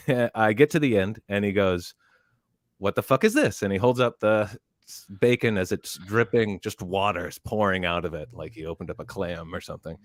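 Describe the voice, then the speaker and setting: A man on a podcast, telling a story in a casual, animated way, close to a studio mic. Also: sits low, normal speed, no echo. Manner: animated, barks quoted drill lines. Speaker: podcast panelist.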